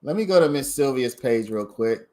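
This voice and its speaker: A man's voice: medium pitch, lively intonation, normal speed, mellow. A man hosting a casual livestream, giving his commentary in a chatty way and talking straight to his viewers. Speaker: livestream host commenting on a trial.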